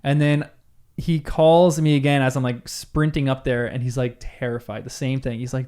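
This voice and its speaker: A young man co-hosting a casual podcast, telling a story among friends. He gets animated and acts out the people he quotes. His voice sits at an ordinary middle pitch. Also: normal speed, clean tone. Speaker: podcast co-host. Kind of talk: casual storytelling in group chat.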